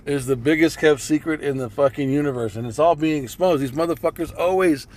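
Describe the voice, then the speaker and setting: Male streamer, slightly higher voice, preachy scripture-quoting delivery with heavy profanity. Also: fairly quick, a little mellow. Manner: preachy and profane, repeats phrases. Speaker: streamer commenting on clips. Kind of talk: religious commentary reading scripture.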